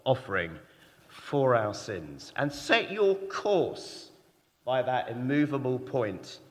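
A man of middle pitch delivers a sermon with a lively, rising and falling voice. He talks in a conversational style and keeps asking rhetorical questions. His voice rings out with a long echo in a church hall. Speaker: preacher.

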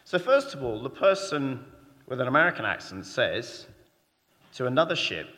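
A man's voice: mid-range voice, sing-song, normal speed, pushed and bright. A man preaching a sermon in a church, talking conversationally and asking the congregation rhetorical questions. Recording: long reverb of a church hall.

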